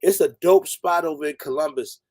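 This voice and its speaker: A man's voice: on the high side, brisk, a little mellow, no room sound. A man hosting a casual livestream, laid-back, greeting viewers by name. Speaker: livestream host. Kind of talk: casual live chat.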